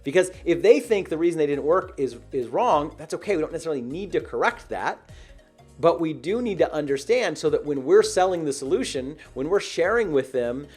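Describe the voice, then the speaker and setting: Male sales coach, lively and slightly husky, over faint music. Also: on the high side, a little fast. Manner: animated, acts out short example dialogues. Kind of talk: direct-to-camera sales training.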